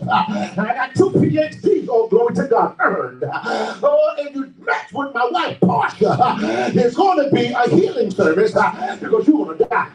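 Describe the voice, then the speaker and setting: A man preaching a sermon in a call-and-response style, breaking into shouts and filling his lines with "uh" and "my God". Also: extremely high pitch. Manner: many filler "uh" and "my God" interjections. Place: church sanctuary. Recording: echoey room, mic at a distance.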